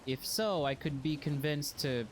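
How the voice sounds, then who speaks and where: A man's voice: fairly high pitch, a little slow, slight background noise. A man casually chatting while streaming a video game, rambling and joking at his own expense. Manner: rambling, self-deprecating, jokey. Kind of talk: casual gameplay chat.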